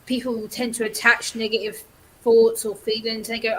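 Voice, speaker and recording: A woman's voice: on the high side, flat delivery, normal speed, fairly bright tone, a little hiss or hum, poor audio. A woman talking frankly as a guest on a casual livestream, stating firm opinions and laughing them off. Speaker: stream guest.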